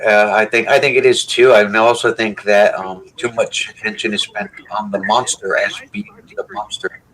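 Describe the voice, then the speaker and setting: A man in casual group chat who speaks in a measured, hesitant way. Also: lowish voice, little pitch movement, fairly bright tone, low-quality recording.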